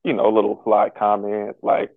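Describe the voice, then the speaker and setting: A man speaking as a podcast guest in a candid personal conversation, halting and earnest, with many pauses and restarts. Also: fairly low pitch, completely flat delivery, dry recording. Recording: tinny phone-like line, dry.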